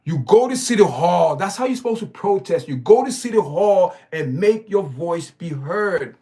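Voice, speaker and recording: A man's voice: high voice, animated, moderate pace, dark tone. A man hosting his own stream, giving preachy, emphatic commentary full of repeated words and restarts. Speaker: channel host. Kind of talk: opinionated commentary livestream.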